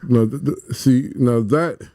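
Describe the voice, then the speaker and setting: Man with a dark, dry studio voice. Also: medium pitch, measured pace, no echo. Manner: eager, stammers and laughs easily. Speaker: radio host. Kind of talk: radio interview conversation.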